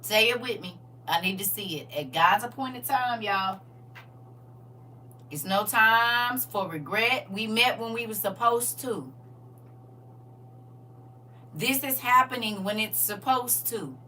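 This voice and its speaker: Animated woman with a lilt. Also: on the high side, takes it slowly, long pauses, recorded from a distance, a little hiss or hum. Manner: animated, laughing, talks straight to viewers. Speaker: livestream host reading viewer comments. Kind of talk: casual faith livestream chat.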